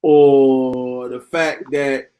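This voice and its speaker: A man's voice: mid-range voice, level tone, very slow, warm tone, low-quality recording. A man hosting a live stream, ranting in an exasperated, sarcastic way and often repeating himself. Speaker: podcast host.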